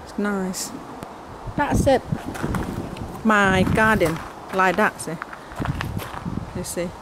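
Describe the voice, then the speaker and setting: A woman's voice: mid-range voice, very slow, noisy background. A Thai-accented woman, a native Thai speaker, giving a chatty tour of her home garden outdoors in simple broken English. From Thailand. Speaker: gardening vlogger.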